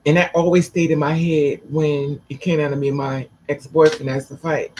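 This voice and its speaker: A woman telling a personal story to camera in a blunt, profane, animated way. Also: sits low, normal speed, breathy edge, rough recording. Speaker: vlogger.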